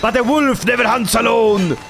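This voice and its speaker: A man giving energetic, jokey commentary on his strategy game playthrough, sometimes putting on voices for the characters. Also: very high voice, normal speed, soft background music. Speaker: gaming YouTuber.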